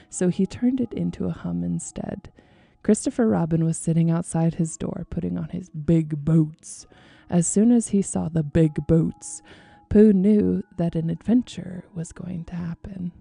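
Low, dark-voiced woman reading a story. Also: measured pace, vocal fry, no echo. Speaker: radio presenter reading a story.

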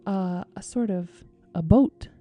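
Pooh, a woman doing a simple gentle bear. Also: medium pitch, takes it slowly, soft background music, natural voice. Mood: eager. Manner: humming, singsong, simple and earnest. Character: gentle, slow-witted male teddy bear, cheerful.

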